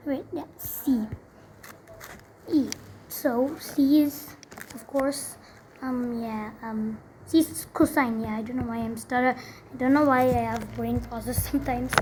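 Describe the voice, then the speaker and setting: High-pitched yet dark in tone, this young woman tutors math casually. She chats as she writes, using plenty of fillers and correcting herself along the way.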